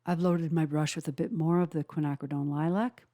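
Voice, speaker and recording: A woman narrating a watercolor painting tutorial, calmly explaining each step with frequent "uh" pauses. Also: deep voice. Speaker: watercolor instructor.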